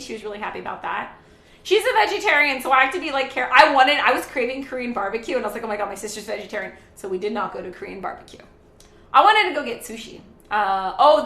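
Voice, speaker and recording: A woman with a bright, somewhat high voice hosts a casual cooking stream from her home kitchen. She rambles cheerfully and greets viewers by reading their chat aloud. The room sounds echoey. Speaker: charity stream host.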